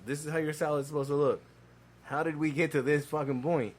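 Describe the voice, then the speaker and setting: A man co-hosting a podcast, telling animated, profane restaurant stories in casual chat. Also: a little high, fairly quick. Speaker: podcast co-host.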